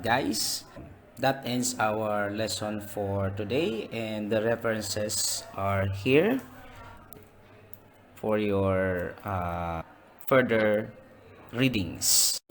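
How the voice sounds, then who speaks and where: A man teaching a slide lesson, explaining slowly with fillers and restating points. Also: fairly low pitch, slight background noise. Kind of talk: slide-based online lesson.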